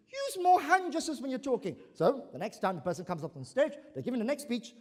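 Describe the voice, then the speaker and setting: A man from Brunei giving an animated conference talk, acting out examples as he goes. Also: very high-pitched, quick pace. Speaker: conference speaker. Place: large conference hall. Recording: echoey conference hall.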